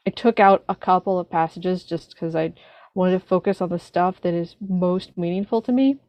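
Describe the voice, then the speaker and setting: A woman sharing personal feelings at a recovery meeting, earnest and halting as she searches for words. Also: on the low side, a little mellow, no room sound. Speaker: recovery group speaker.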